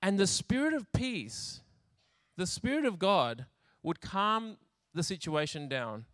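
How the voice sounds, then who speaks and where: Bright, chatty man preaching with humor. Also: high voice, sing-song, slow pace, no echo, clean studio sound. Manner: chatty, laughs often, acts out scenes. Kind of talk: humorous sermon storytelling.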